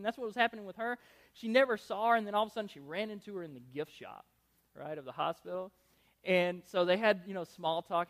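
A young man preaches in an animated, conversational way, repeating words and restarting his sentences as he goes. His voice is bright and forceful and sits slightly high. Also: moderate pace. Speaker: pastor. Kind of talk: sermon.

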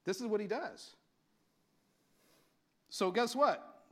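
Man, pastor, sermon, high voice, very animated pitch, impassioned, conversational. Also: slow pace. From California. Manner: impassioned, conversational preaching with acted-out quotes.

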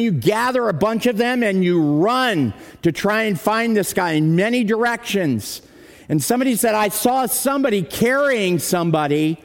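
High-voiced pastor telling a sermon story. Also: male voice. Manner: dramatic storyteller who slows down and drops his voice for heavy moments. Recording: long hall reverb.

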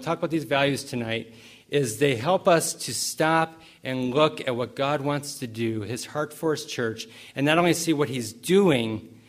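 A middle-aged male pastor preaching in a church hall, his pitch sitting right in the middle for a man. He tells a loose, rambling story full of restarts and pokes fun at himself before settling into a reflective sermon. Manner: rambling and self-mocking, with frequent restarts.

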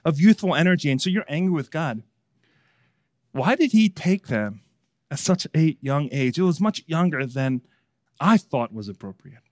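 A man preaching a sermon, swinging between hushed and emphatic delivery. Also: a little high, dry recording, clean studio sound. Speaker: pastor.

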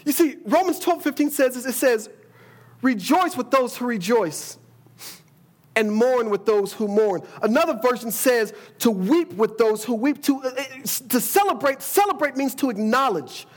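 High-voiced man preaching a sermon. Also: expressive, moderate pace. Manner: emphatic, repeats words, quotes scripture.

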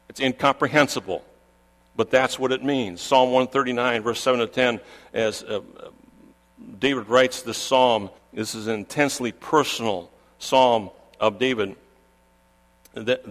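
A man's voice: mid-range voice, fairly bright tone, big-room sound. A man preaching a sermon, pressing his points with emphatic repetition. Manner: emphatic, repeats key phrases for stress.

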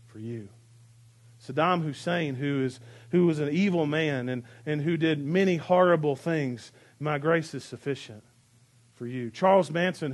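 High-voiced preaching man. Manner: dynamic preaching, dropping to soft hushed repetitions. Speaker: pastor. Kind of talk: sermon. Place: church sanctuary.

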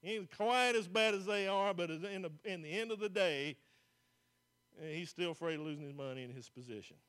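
Male pastor, folksy sermon delivery, higher-pitched voice. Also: a little fast, fairly bright tone, clean tone. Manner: folksy, plain-spoken preaching with restarts.

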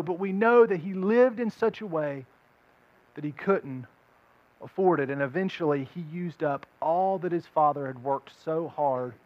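A man with a high voice delivers a sermon as a lively story, slipping into the voices of the listeners he describes. The sound is dry and close, with no room echo. The recording is a little dull. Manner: storytelling, acting out crowd voices. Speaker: pastor.

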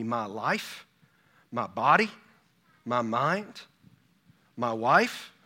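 A man's voice: a little high, sharp tone. A pastor in his fifties preaching a sermon, full of rhetorical questions and personal stories. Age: 50s.

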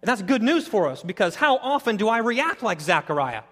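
A man preaching a sermon, animated, moving between loud emphatic points and quiet, intense passages. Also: high voice, fairly quick, long reverb tail. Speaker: pastor.

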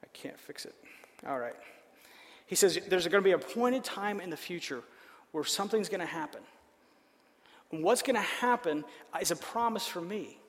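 A man's voice: high voice, animated, normal speed, pauses often, long reverb tail. A man preaching a sermon in a conversational way, often checking in with listeners by asking "right?". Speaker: pastor.

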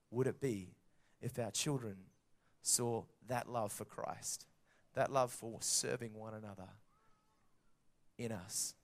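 A man in his thirties with an Australian accent, preaching a sermon and telling stories with lively acted-out quotes. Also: medium pitch. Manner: animated storytelling with acted-out quotes. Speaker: pastor.

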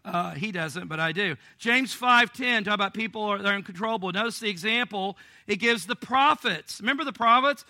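A male pastor with a high, very bright voice preaches in a relaxed, chatty way, dropping jokes and asides. He moves from forceful emphasis to soft, low remarks. The sound is close and dry. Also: brisk, few pauses, dry recording. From Illinois. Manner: conversational preaching with asides and humor; swings between emphatic and quiet delivery. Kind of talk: sermon.

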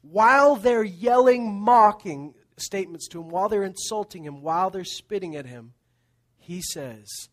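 A middle-aged male pastor preaching a sermon, animated storytelling with laughs that drops to hushed tones. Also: high voice, unhurried.

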